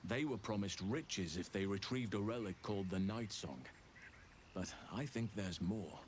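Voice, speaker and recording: Actor playing a measured, formal ally in a fantasy game, lowish voice, faint ambience behind. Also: male voice, darkish tone, a little hiss or hum, natural voice. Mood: earnest.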